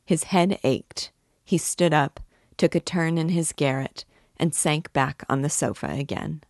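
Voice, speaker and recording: A woman teaching literature, reading a classic novel aloud in a measured, clear way. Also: low-pitched, no echo, clean studio sound.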